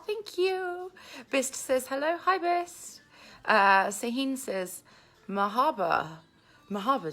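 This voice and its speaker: A woman's voice: fairly high pitch, pushed and bright. A woman hosting a casual live Q&A from home, chatting and reading viewer comments aloud into a handheld phone. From England. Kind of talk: casual live-stream chat. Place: at home with family. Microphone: phone held in hand.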